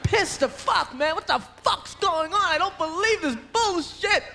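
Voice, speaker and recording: A man's voice: very high voice, animated, unhurried, creaky, pushed and bright, soft background music. A man doing stand-up comedy on a theater stage, brash, profane and emphatic. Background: audience laughter.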